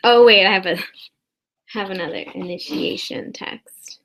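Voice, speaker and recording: A woman's voice: medium pitch, a little slow, fairly bright tone. A woman rambling through an improvised comedy monologue at her desk. She is mock-earnest and builds into outrage. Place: indoors at a desk.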